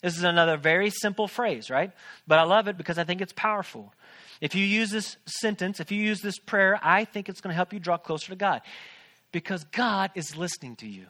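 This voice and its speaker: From a church stage, a pastor in his thirties gives a sermon in a high-pitched, brisk voice with a sharp tone. His style is conversational and full of jokes, and he poses questions to the congregation.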